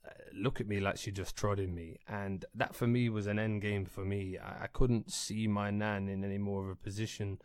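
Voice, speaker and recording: Young male podcast host, low voice, dry sound, rambling and candid. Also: little pitch movement, normal speed, hardly any pauses, clean tone, no room sound. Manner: rambling, sweary, heartfelt. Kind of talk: casual podcast chat.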